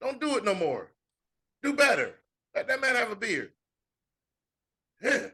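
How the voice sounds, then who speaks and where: A man, co-hosting a sports podcast in casual, slang-heavy banter and animated rants. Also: sits high, measured pace, slightly rough. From Fayetteville, North Carolina. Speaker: podcast co-host.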